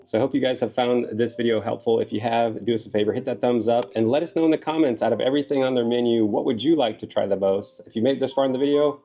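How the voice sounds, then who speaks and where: A man's voice: medium pitch, fast, few pauses, mellow. A man with a Southern US accent hosting a casual travel vlog in a café, easygoing and joking. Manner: joking, easygoing, playful self-teasing. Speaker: vlog host. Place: small café indoors.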